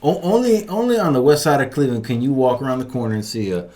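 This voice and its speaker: Quick-talking co-host man. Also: medium pitch, crowd noise. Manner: quick interjections and questions. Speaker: podcast co-host. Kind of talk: casual chat.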